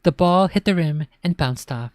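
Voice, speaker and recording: Brief: woman storyteller, low and even, chatty asides, dry close mic. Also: moderate pace, no echo. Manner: casual asides between read lines. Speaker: storybook reader. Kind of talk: reading a children's horror story aloud.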